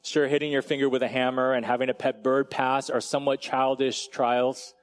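A man's voice: mid-range voice, little pitch movement, brisk. A man delivering a sermon as a pastor, telling a story in a casual, chatty way with frequent asides to the congregation. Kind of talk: conversational sermon.

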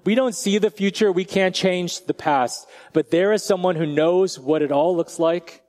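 A male pastor preaching in a loose, chatty way, his voice sitting a little on the high side for a man. He talks straight to the congregation and often sinks into soft, slowed-down emphasis to land a point. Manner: casual and direct, drops to quiet, slow emphasis. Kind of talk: conversational sermon.

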